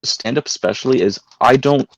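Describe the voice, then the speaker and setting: A man's voice: mid-range voice, fairly quick, vocal fry, low-quality recording. A young man, a podcast guest, casually telling prank-call stories and crude jokes. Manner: storytelling, crude jokes, acts out voices. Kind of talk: casual chat.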